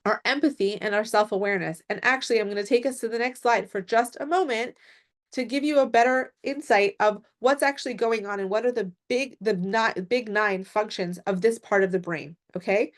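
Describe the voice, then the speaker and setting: A woman's voice: mid-range voice, brisk. A woman presenting a mental health workshop, explaining step by step and often checking in with "right?" and "okay?".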